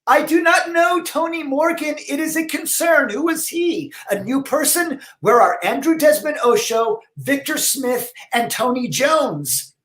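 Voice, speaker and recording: A man voicing an eccentric, pompous, flamboyant letter writer in a high, theatrical voice with drawn-out words, reading letters aloud for comedy. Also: expressive, fairly bright tone, full character voice, low-quality recording.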